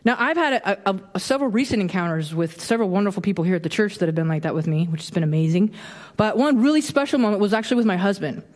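A woman in her thirties giving a casual, animated sermon, acting out quoted reactions with a bit of humor. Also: mid-range voice, quick pace, hardly any pauses. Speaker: preacher. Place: church sanctuary. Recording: long hall reverb.

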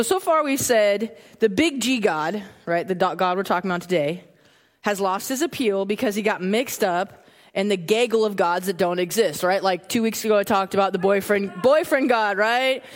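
Animated woman preaching a conversational sermon. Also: mid-range voice, normal speed. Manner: conversational, animated, repeats phrases for emphasis. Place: church.

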